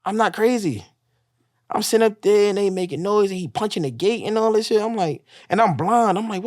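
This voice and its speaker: A man's voice: high voice, brisk, darkish tone, dry recording, clean studio sound. A man casually telling a raw personal story, profane, acting out the voices he quotes. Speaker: guest telling his story.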